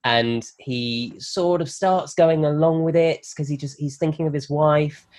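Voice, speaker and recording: A man pitching a film plot on a comedy podcast, telling it as an animated story and acting out the lines. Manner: animated storyteller, quick, acts out quotes. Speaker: guest pitching a film idea.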